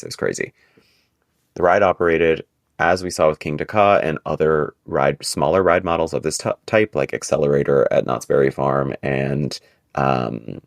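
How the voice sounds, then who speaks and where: A man co-hosting a casual podcast, telling stories in an animated, exasperated way. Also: vocal fry, dry recording, studio quality. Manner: animated, exasperated storytelling with big pitch jumps. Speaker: podcast co-host.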